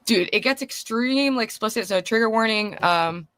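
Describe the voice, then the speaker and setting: A woman's voice: fairly high pitch, normal speed, fairly bright tone, clean tone, no room sound. A woman streamer giving gossipy, exclamatory commentary on online drama. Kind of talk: casual commentary.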